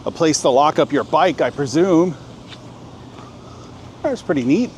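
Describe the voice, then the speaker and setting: A man's voice: fairly high pitch, animated, unhurried, a little mellow. A man in his thirties walking city streets and chatting casually to his camera as a travel vlogger, joking and thinking aloud. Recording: outdoor street noise. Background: street and traffic noise.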